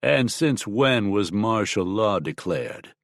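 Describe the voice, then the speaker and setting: Guy voicing a cowboy gunfighter, low flat hard drawl, dry close sound. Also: slow, dry recording. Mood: steely. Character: tough, calm frontier gunfighter, man. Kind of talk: audiobook character voice.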